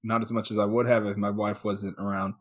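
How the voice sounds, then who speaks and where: A man co-hosting a podcast in casual chat, agreeable and quick with asides. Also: on the low side, flat delivery. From Kansas. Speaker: podcast co-host.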